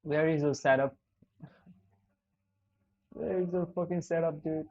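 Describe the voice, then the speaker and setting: Husky, cursing man on a muffled stream. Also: on the high side, steady tone, a little slow, darkish tone. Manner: exasperated, heavy cursing, talks to chat as "dude" and "bro". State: smoking a cigarette while talking. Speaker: live trading streamer. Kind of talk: live-stream commentary to chat.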